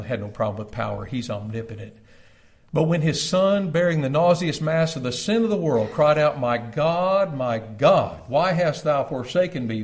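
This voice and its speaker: A man preaching a sermon at a church service, with dramatic pauses, building loud and then dropping to near-whispers. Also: mid-range voice.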